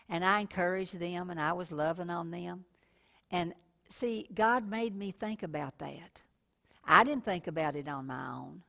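A woman's voice: on the low side, normal speed, gravelly, fairly bright tone. A middle-aged woman preaching a televised sermon in a folksy way, calling listeners honey and telling personal stories.

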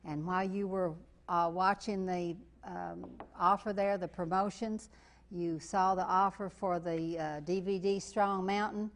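A woman from Eastern Kentucky with a Kentucky accent, preaching as a televangelist, slowing for emphatic repetition and rising to loud declarations. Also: lowish voice, fairly even intonation, slight background noise. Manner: fervent, building to loud declarations. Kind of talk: preaching and fundraising appeal.

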